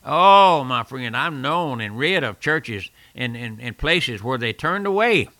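A man's voice: mid-range voice, expressive, a little slow, sharp tone, no echo. An older man preaching a fervent radio sermon, repeating phrases and calling the listener "my friend".

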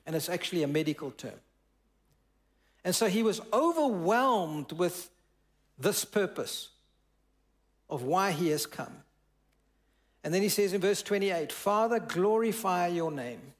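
A man's voice: high voice, lively intonation, a little slow, pauses often. A male pastor preaching a sermon in church, reading scripture aloud and explaining it, asking the congregation questions and drawing out words for emphasis.

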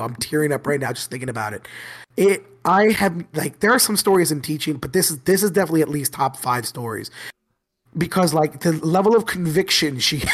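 A young man who teaches middle school, telling stories in a casual podcast chat, animated and laughing as he acts out his students. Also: on the high side, husky.

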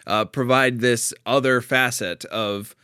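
Smooth-voiced man discussing a play. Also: mid-range voice, slow, pushed and bright, no echo, clean studio sound. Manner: thoughtful, restarts often, laughs lightly.

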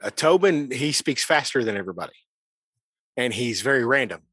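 A man with a middle-pitched voice talks casually and dryly, close to the mic. He jokes and banters with his friends about playing characters at the table. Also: expressive, a little fast, fairly bright tone, husky, dry recording. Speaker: player. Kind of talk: casual podcast chat.

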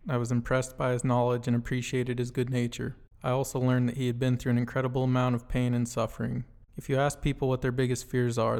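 A man's voice: medium pitch, vocal fry, a little mellow. A man hosting a podcast, reading an earnest scripted introduction. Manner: earnest, read-from-script delivery. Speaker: podcast host.

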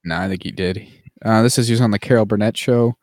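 A man's voice: fairly low pitch, fast talker, a little mellow, no room sound, clean studio sound. A man co-hosting a podcast in casual chat, rambling and filler-heavy, now and then dropping into playful mock voices. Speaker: podcast co-host.

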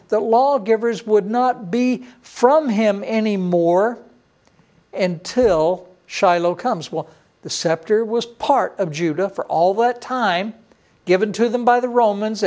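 High-voiced man preaching emphatically. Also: darkish tone. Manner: emphatic, slows to stress key words; repeats phrases for emphasis. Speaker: pastor. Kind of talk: sermon.

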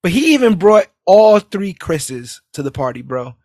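Animated high-voiced New man. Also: unhurried, no echo, studio quality. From New York City. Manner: animated, laughing, acts out lines. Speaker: podcast co-host. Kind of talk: casual movie recap chat.

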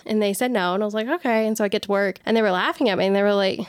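A woman's voice: mid-range voice, fast talker, clear, resonant tone, dry recording, studio quality. A woman chatting casually as a co-host, telling funny personal stories and mimicking the people in them. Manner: animated storyteller who mimics people.

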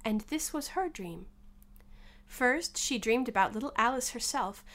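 A woman reading a storybook aloud in an expressive way. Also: fairly high pitch, measured pace.

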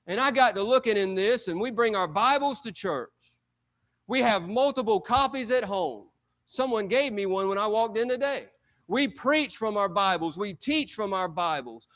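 High-voiced preacher man. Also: a bit bright. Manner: preaching with emphatic repetition and rising intensity. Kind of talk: sermon. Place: church.

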